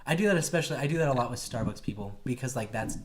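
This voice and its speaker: A young man co-hosting a podcast, telling stories in a profane, animated way. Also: mid-range voice, rapid-fire, slight background noise. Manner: profane, animated storytelling with mimicked voices. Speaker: podcast co-host. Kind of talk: casual chat.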